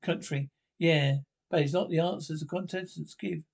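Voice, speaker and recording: A man's voice: a little high, steady tone, normal speed, creaky, slightly rough. An actor playing a scornful male pundit who lectures about other people's stupidity.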